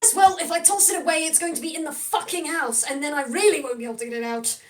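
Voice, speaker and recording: A woman's voice: sits high, fast talker, recorded from a distance, voice pushed up, close to an everyday voice. A woman voicing a grumpy, flustered male hoarder who hesitates and swears a lot. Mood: irritated.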